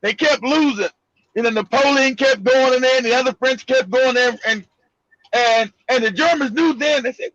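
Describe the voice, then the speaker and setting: A man's voice: very high-pitched, moderate pace, fairly bright tone, no room sound, lo-fi sound. A man hosting a casual political talk show, brash and profane, laughing often. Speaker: show host.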